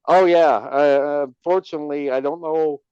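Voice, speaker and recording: A man's voice: a little high, fairly even intonation, moderate pace, dark tone, clean tone, dry recording, dull audio. A man co-hosting a casual podcast, stammering and repeating words with dry teasing. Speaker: podcast co-host.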